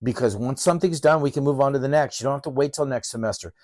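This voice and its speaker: A middle-aged male professor opens his course with a blunt, emphatic, fired-up lecture, pushing students like a coach. He talks fast in an ordinary middle pitch, his voice a little mellow. The recording is close and dry, without room echo.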